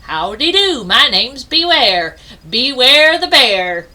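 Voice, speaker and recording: Lady doing a big growly bear from a picture book, booming and slow. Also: big pitch swings, bright, forceful tone, full character voice. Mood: folksy.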